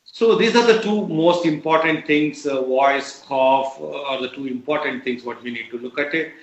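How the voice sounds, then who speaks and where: A middle-aged man from India with an Indian English accent, giving a measured medical lecture with many "uh" fillers. His voice is strained and lower than his usual. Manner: measured, explanatory, frequent uh fillers. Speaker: doctor giving a health talk. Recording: echoey, dull lo-fi recording.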